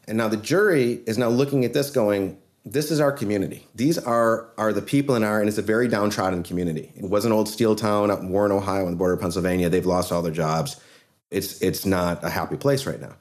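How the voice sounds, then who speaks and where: A man, a trial lawyer guest on a podcast, telling a case story in an earnest, animated way. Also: lowish voice, brisk.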